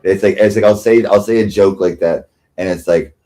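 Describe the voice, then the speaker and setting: A man's voice: deep voice, steady tone, normal speed, warm tone. A man hosting a livestream, ranting sarcastically and with self-pity, often mocking others. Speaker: livestream host. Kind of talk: rambling livestream rant.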